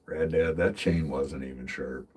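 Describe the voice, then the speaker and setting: A man's voice: very deep voice, steady tone, measured pace, a little mellow, slight background noise. A man chatting casually on a livestream from his vehicle while driving, rambling and swearing freely, often laughing. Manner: rambling, profane, laughs a lot. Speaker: livestreamer and tree climber.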